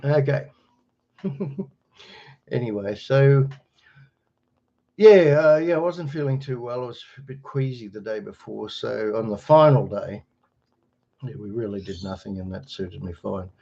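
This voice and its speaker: A man's voice: medium pitch, measured pace, vocal fry, long pauses, mellow, a little hiss or hum. A middle-aged Australian man hosting a casual livestream, chatting and rambling with viewers, greeting them by name and chuckling often. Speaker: livestream host. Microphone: webcam microphone. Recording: slightly dull webcam audio.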